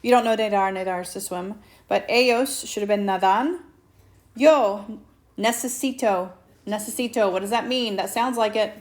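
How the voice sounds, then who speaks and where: A woman teacher, slowly and patiently walking students through a Spanish lesson and asking them questions. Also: mid-range voice, a little mellow. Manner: slow patient explaining, asks students questions. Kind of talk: recorded whiteboard lesson. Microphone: tablet mic.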